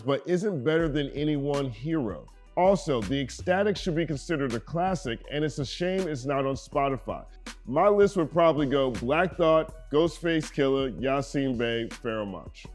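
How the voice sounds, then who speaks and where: Animated male commentary host. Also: fairly high pitch. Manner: animated, wry asides. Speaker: host reading viewer comments. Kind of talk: casual commentary.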